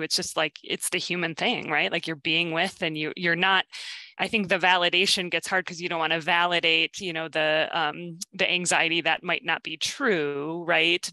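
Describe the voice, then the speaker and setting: Psychiatrist, bright voice, hesitant and thoughtful, dry close sound. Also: mid-range voice, no echo. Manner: thoughtful, hesitant, many fillers. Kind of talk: clinical teaching discussion. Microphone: video call.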